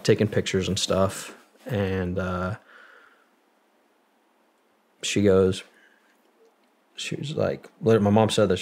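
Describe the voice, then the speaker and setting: Young male vet, low gravelly voice, husky, halting and profane storytelling. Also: a little mellow. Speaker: guest, Marine veteran. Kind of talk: casual storytelling.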